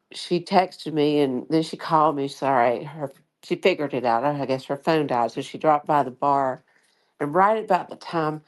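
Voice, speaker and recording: Tired lady co-hosting, low voice, bit of a lisp, rambles on chattily. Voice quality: slight lisp from a dental tray. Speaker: co-host. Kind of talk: casual chat.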